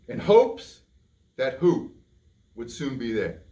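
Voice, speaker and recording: Playful, animated man storyteller. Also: mid-range voice, slow, pauses often. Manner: playful, hammy, talks to a puppet and the kids. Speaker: library storyteller. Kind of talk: reading a picture book aloud to children.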